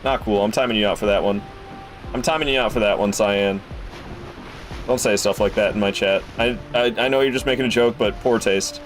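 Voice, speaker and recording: A man's voice: fairly low pitch, brisk, soft background music. A young man streamer chatting through live gameplay, frustrated and swearing, talking to his chat. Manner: talks to chat.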